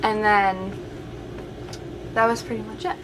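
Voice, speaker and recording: A woman's voice: medium pitch, flat delivery, a little slow, background noise. A young woman casually telling a personal story to camera as a vlogger, chatty and full of "like", quoting what others said. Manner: chatty, heavy use of "like", retelling with quoted voices.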